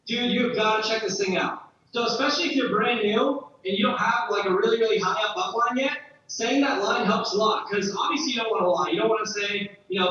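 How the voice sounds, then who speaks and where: A man's voice: high voice, a little fast, sharp tone. A young man giving a casual, slangy seminar talk at a training event, repeating key points for emphasis. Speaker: training speaker. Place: large hall at a training event. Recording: very echoey hall, distant, dull sound.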